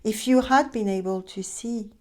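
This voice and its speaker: A woman telling a classic tale aloud in a chatty, expressive way with hesitant asides. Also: on the high side, normal speed. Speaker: storyteller. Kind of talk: informal oral storytelling.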